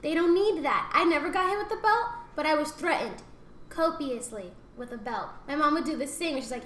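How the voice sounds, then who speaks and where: A woman's voice: high voice, brisk. A young woman telling stories in casual podcast chat, acting out other voices and dropping into whispered asides. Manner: animated storytelling, acts out voices, drops to whispers. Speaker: podcast co-host. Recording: echoey room with faint ambient noise.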